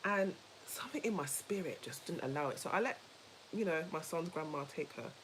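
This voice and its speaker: Lively woman co-host, low voice, emphatic storytelling, faint hiss behind. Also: brisk, rough recording. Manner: animated, emphatic storyteller who repeats herself; laughs easily while talking. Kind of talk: casual chat with a co-host and viewers.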